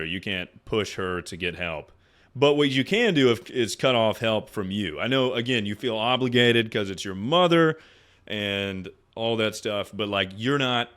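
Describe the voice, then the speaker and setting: A man's voice: medium pitch, a bit bright. A young man streaming, giving casual, rambling, profane advice to his chat and laughing often.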